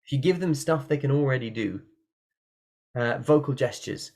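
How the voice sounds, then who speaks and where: A man at his computer, talking through a singing lesson in a relaxed, playful way. He jumps between plain explanation and short bursts of sung or shouted examples. His voice sits at an everyday middle pitch. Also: moderate pace. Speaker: singing teacher. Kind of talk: online workshop talk. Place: room at a computer by a window.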